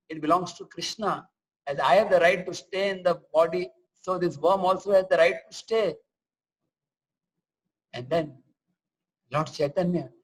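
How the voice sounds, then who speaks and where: A man's voice: on the high side, husky, rough recording. A man giving a scripture lecture, telling stories and chanting verses. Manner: storytelling, chants and sings verses. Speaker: preacher.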